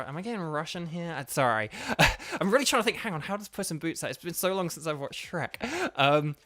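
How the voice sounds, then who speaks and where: A man's voice: on the high side, expressive, brisk, hardly any pauses, sharp tone. A young British man chatting casually while livestreaming a video game, rambling with lots of fillers. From Britain. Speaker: game streamer and voice actor. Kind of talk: casual gaming livestream chat. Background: faint background music.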